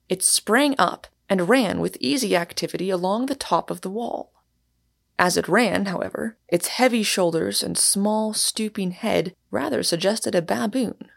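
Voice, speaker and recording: A woman hosting a podcast, reading a novel chapter aloud in measured storytelling narration. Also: mid-range voice, vocal fry. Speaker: podcast host and reader. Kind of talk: audiobook narration.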